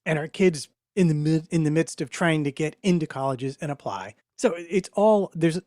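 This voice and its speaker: A man's voice: a little high, animated, moderate pace, darkish tone, no echo, studio quality. A man co-hosting a podcast, telling easygoing, amused stories about home life in casual chat. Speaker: podcast co-host.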